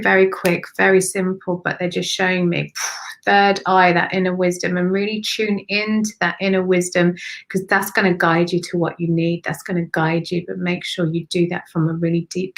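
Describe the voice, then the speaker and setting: A woman's voice: mid-range voice, gravelly, a bit bright, poor audio. A woman spiritual medium giving a live-streamed psychic reading to viewers, affectionate and repetitive, calling them darling and honey.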